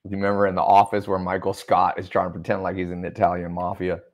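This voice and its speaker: In a low-pitched voice with a completely flat delivery and quick pace, a man livestreams as an online business mentor. He reads chat comments aloud and jokes loosely from a studio with a sound engineer.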